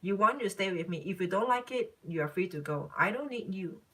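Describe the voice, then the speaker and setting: A woman's voice: mid-range voice, expressive, a little fast, bright, forceful tone, slightly rough. A woman voicing a smug, uncaring man who shrugs off his partner. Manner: smirky, dismissive. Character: smug, uncaring man, a self-satisfied jerk.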